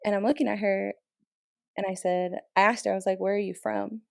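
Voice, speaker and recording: A young woman, a military training instructor from the Navajo Nation, telling a story in an interview with emotional, animated retelling. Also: medium pitch, brisk, vocal fry, no room sound, studio quality. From Navajo Nation, Southwest US.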